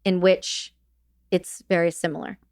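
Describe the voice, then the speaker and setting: A woman veteran telling a personal story as a podcast guest, halting and restarting, with fillers. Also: fairly low pitch, flat delivery, a little mellow.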